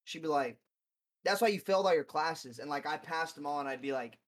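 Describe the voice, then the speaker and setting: A man's voice: a little high, brisk. A young man chatting casually as a podcast guest, telling a story with lots of slang. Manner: laid-back, storytelling with slang like bro and dude. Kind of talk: casual chat.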